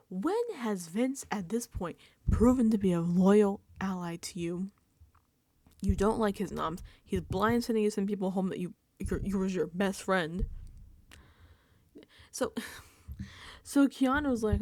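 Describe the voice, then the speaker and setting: A woman vlogger talks through a reality TV show in a casual recap, a little slowly and with long pauses. Her medium-pitched voice is mellow with no room sound, and she laughs often and whispers asides.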